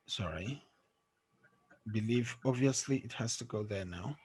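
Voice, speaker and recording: A man teaching a classroom lesson, explaining slowly and quizzing his students as he goes. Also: lowish voice, darkish tone, breathy edge. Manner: slow, drawn-out explaining with questions to students. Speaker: English teacher.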